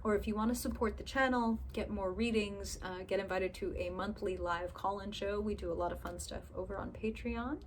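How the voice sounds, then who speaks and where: A woman's voice: mid-range voice, background noise. A woman giving a casual tarot reading to camera, chatty and candid, swearing freely and acting out people's inner thoughts. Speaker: tarot reader.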